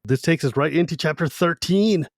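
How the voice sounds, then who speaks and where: A man's voice: a little high, normal speed, no room sound, clean studio sound. A man co-hosting a podcast and chatting casually about a fantasy novel, retelling scenes enthusiastically. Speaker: podcast co-host. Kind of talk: casual book discussion.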